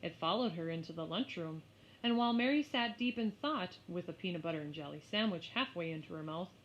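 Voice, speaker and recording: A woman narrating a children's story aloud in an expressive, unhurried way. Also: mid-range voice. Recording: slightly muffled lo-fi.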